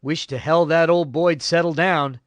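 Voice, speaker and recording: A man's voice: a little high, steady tone, unhurried, dry recording, natural voice. Man voicing a grumbling young marine, drawling, dry close sound.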